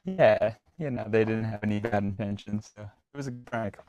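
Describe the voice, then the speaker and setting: Animated young man telling stories. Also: fairly low pitch, moderate pace. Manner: animated storyteller, loose and filled with "like". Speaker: guest, actor and singer. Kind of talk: casual storytelling in a podcast interview.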